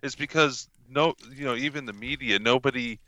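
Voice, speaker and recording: Bright-voiced blunt podcast co-host man. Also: mid-range voice, normal speed, dry recording. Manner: blunt, swears casually. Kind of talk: casual podcast chat.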